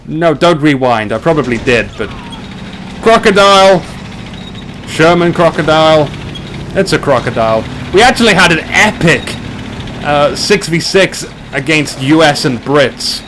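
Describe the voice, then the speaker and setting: A man giving casual, excitable commentary over a live strategy game, joking with the players, with hiccups. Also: mid-range voice, slight background noise. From Australia. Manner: chatty, excitable, jokey.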